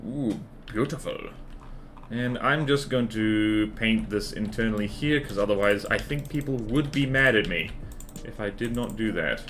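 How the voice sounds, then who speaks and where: A man's voice: fairly low pitch, unhurried, a bit bright, a little hiss or hum. A man chatting casually with his live-stream viewers while playing a game, rambling and laughing often as he answers chat.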